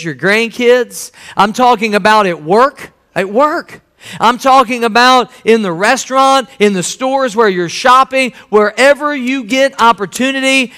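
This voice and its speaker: A man's voice: high voice, a bit bright, clear, resonant tone. A man, a pastor, preaching a sermon, telling a story animatedly and acting out the dialogue.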